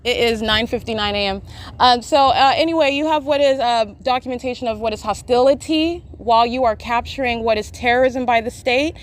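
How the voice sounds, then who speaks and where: Sitting in shade by a street, a woman with a slightly high voice talks quickly and insistently, using lots of filler sounds as she self-records live podcast commentary. Traffic goes by and plane engines can be heard behind her.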